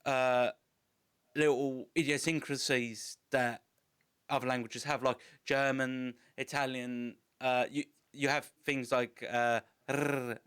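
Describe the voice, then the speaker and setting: A man from England who hosts a podcast and chats with his guest in a relaxed, encouraging way, swearing now and then. His voice is smooth and clear, with a mid pitch for a man. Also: takes it slowly. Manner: chatty, encouraging, swears casually. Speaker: podcast host. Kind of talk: casual interview chat.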